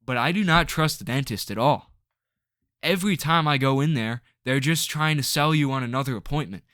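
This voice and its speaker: A man's voice: mid-range voice, a little fast, a bit bright, no echo, clean studio sound. A man ranting to camera in a rambling, frustrated way, full of filler words and restarts. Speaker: vlogger.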